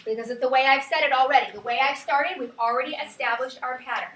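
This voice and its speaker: A woman teacher giving a lively classroom lecture, quizzing her students and counting out rhythms aloud. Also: high-pitched, fast talker. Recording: echoey classroom from far off, faint hiss.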